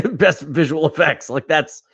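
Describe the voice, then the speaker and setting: A man's voice: a little high, takes it slowly, creaky, sharp tone, breathy edge, highs cut off. A man co-hosting a podcast in casual chat, rambling with frequent laughs and casual swearing. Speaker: podcast co-host.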